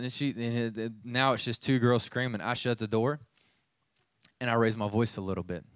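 A man's voice: mid-range voice, moderate pace, a bit bright, smooth, no room sound. A youth pastor in his thirties preaching a sermon, telling a family story in a conversational way with many restarts.

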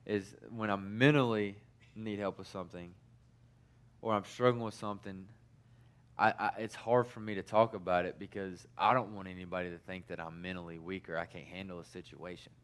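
A man's voice: lowish voice, steady tone, normal speed, smooth. A man preaching a sermon in a casual, conversational way, telling personal stories with many fillers and restarts.

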